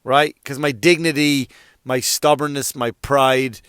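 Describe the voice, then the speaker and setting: A man's voice: mid-range voice, unhurried, smooth, dry recording, studio quality. A man hosting a comedy podcast, telling a rambling story and acting out the quoted lines. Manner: rambling, animated retelling with acted-out quotes. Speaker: podcast host. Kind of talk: casual comic storytelling.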